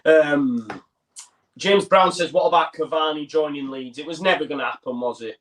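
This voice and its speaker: Man, stream co-host, reads viewer comments, matey and jokey, slightly high, sits back from the mic. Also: normal speed, fairly bright tone, far from the mic, slight background noise. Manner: matey and laughing, reads messages aloud. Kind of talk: casual live match chat. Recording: voice heard from off the mic.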